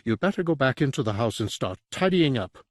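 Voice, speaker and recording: A man voicing a calm middle-aged man who speaks with quiet, absolute authority, in an audiobook reading. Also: medium pitch, fairly quick, dry recording, studio quality, pitched above the performer's own voice. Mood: commanding.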